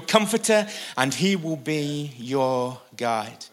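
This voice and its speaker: A pastor delivering a sermon from a church stage, preaching with animated emphasis and occasional jokes. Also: male voice, medium pitch, normal speed.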